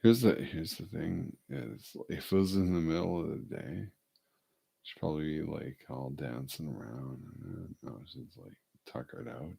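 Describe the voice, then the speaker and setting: A man talks casually to his viewers in a very low, unhurried voice. His tone is rough with gravel, and he wanders between thoughts and mumbled asides. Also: warm tone. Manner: rambling, talks to his dog in a coaxing voice. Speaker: vlogger. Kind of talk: casual talk to camera.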